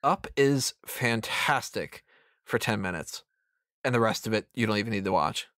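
A man in his thirties hosts a casual podcast roundtable, rambling, poking fun at himself and laughing often. His fairly low voice has lively intonation, a moderate pace and a fairly bright tone, captured cleanly in a studio with no echo.

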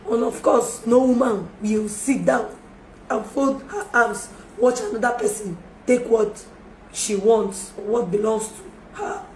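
In an unhurried, slightly high voice with a darkish tone, a livestreamer offers a public apology in an emotional live-stream appeal. She pleads and apologizes again and again, asking for forgiveness, recorded on a phone in an echoey room with faint background noise.

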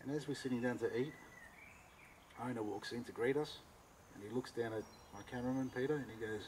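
A man's voice: medium pitch, fast, a little mellow, slight background noise, poor audio. An Australian man, a cooking teacher giving a talk, tells a story with animation and acts out both sides of a conversation.

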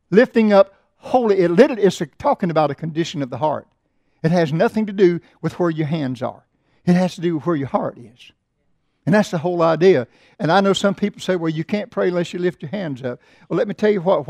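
A middle-aged man preaching a sermon in church, swelling loud and slow on scripture and dropping low for asides. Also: creaky, no echo. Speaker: pastor. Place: church sanctuary.

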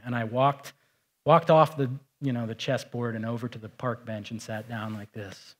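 A middle-aged male pastor preaching in a loose, conversational way, telling stories and then pressing his points home with emphasis. His voice sits at an ordinary middle pitch for a man. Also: steady tone, moderate pace. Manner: storytelling, conversational, rises to emphatic. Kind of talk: sermon.

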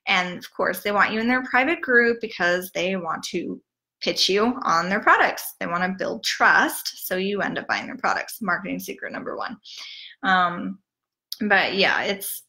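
A woman giving a casual online marketing training, chatty and full of "like" and "um", who mimics gushing sales messages with big jumps in pitch. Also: lively intonation, unhurried, bright, forceful tone. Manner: chatty, peppered with "like" and "um". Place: streaming from home over the internet.

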